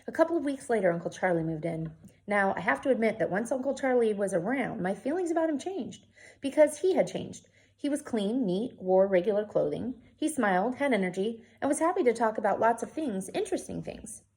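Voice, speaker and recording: A teacher reading a novel aloud to her class with clear, expressive storytelling. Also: a little high, a little fast.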